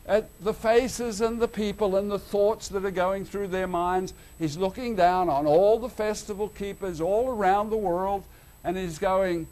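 High-voiced Australian preacher, animated. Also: male voice, measured pace. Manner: animated, swings between loud and hushed. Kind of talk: sermon.

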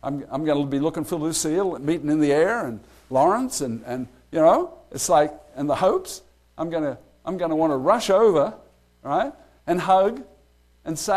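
A man with a slightly raised voice leads a relaxed Bible study. He talks in a loose, chatty way, laughs often, and acts out the lines he quotes. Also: a little high, normal speed. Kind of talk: casual Bible study teaching.

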